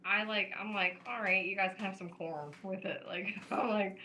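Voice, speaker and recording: A woman's voice: mid-range voice, fairly even intonation, normal speed, pushed and bright, a little hiss or hum, rough recording. A woman co-hosting a podcast, chatting casually and laughing often as she tells family stories. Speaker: podcast co-host. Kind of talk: casual chat.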